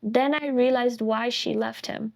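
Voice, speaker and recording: A woman with a high, light voice shares a painful family story as a podcast guest. She speaks earnestly and often stops to restart or correct herself mid-sentence. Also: steady tone, unhurried, creaky. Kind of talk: personal storytelling in a podcast interview.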